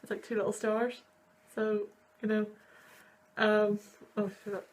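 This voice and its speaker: With a medium-pitched, monotone voice and an unhurried pace, a university student and video host in her twenties reacts to sad movie moments. She rambles and gushes, getting sniffly as the scenes turn sad.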